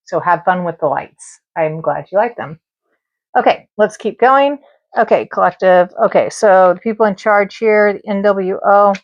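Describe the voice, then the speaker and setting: Female live-stream host, chatty and direct, mid-pitched voice, dull lo-fi sound. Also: normal speed. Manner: chatty, talks straight to viewers and spirits. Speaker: live-stream tarot and spirit box host. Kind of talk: casual live-stream chat.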